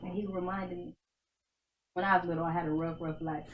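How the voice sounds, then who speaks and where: A woman's voice: on the low side, level tone, a little fast, lo-fi sound, background noise. A woman who is a guest on a show, telling her personal faith testimony in an emphatic way, repeating phrases for stress and often laughing. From United States.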